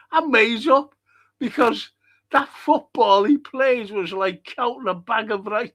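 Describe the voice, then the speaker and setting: High-voiced Scouse man ranting. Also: expressive, slow, breathy edge. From Liverpool, England. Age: older. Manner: passionate, ranting, swinging between loud outbursts and low muttering. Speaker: podcast host reading chat. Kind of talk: casual live-stream chat.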